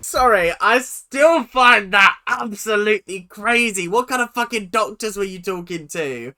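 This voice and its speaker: An excitable reaction host with a bright, sharp voice at middle pitch, talking casually and emotionally while watching an episode. Swears and exclaims often, swinging between gushing and outrage. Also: measured pace.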